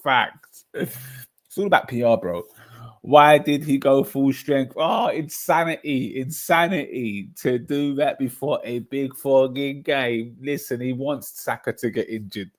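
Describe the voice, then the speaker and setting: A London-accented streamer hosts a casual football livestream, speaking animatedly, laughing often, and reading out chat. His pitch is medium and his pace a little slow.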